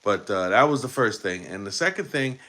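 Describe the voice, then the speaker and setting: Male host with a low voice, loose live post-game sports chat, rambling and full of fillers. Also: lively intonation, normal speed, pushed and bright. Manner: rambling, many fillers and restarts. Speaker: podcast host.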